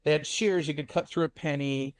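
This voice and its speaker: Man, casual podcast co-host, animated storyteller, slightly high voice, dry sound. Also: fairly quick, clear, resonant tone, no echo.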